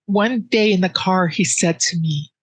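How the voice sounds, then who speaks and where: A woman telling her personal grief story in an interview, with earnest, halting speech full of restarts that sits close to tears. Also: fairly low pitch, breathy edge, no room sound, poor audio. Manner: soft and emotional, close to tears.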